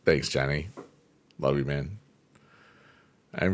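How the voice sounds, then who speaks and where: A man's voice: deep voice, lively intonation, slow pace, long pauses. A man hosting a casual livestream, joking, laughing often and answering chat by name. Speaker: livestream host. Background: faint piano music.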